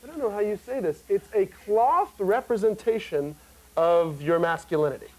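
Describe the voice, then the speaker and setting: A man's voice: high voice, moderate pace, poor audio. Joking young man in a talk show interview. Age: 20s. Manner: joking, animated storytelling with many fillers. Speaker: guest actor. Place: TV studio before an audience.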